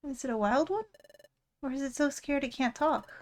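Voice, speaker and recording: A woman voicing a lonely, grieving psychic creature from a game who is gentle and protective, reading its lines in an earnest, soft-spoken way. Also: high-pitched, normal speed, natural voice. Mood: tender, worried. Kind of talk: reading game dialogue aloud.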